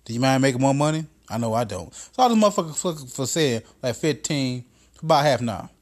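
A man's voice: mid-range voice, animated, fast. A man hosting a podcast, telling a profane comedic story in a casual monologue that builds into exasperated rants. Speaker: podcast host.

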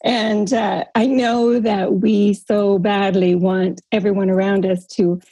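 A woman leads a group call in a casual coaching manner. Her voice is breathy and warm-toned, and the sound is dry and close. She keeps things encouraging, tagging her points with a questioning "right?". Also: mid-range voice, flat delivery, slow, dry recording. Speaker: workshop leader on a group call. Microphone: call audio.

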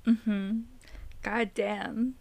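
A woman's voice: mid-range voice, little pitch movement, drawn-out words, creaky, darkish tone. A woman in a casual podcast chat, playful and jokey, acting out quoted lines.

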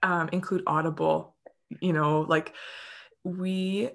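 A woman co-hosting a casual chat about breathwork, telling stories in a gushing, animated way. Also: fairly low pitch, takes it slowly, gravelly.

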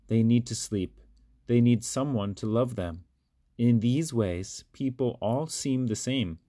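A man with a lowish voice reads children's stories aloud, slow and careful, each sentence set down evenly. The recording is dry and close, with no room sound. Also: no echo. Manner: slow, careful, even reading. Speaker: children's book reader. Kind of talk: storybook read-aloud.

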